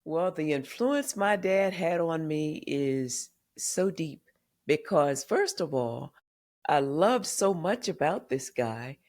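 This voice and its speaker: With a deep, slow, somewhat mellow voice, an older woman from the American South animatedly shares family stories as a guest on a podcast. The memoir author is candid and performs the voices of the relatives she quotes.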